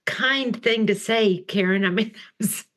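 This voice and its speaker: Woman, podcast guest, mid pitch, earnest measured talk. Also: fairly bright tone. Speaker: guest from an extremism research group. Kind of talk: casual conversational interview.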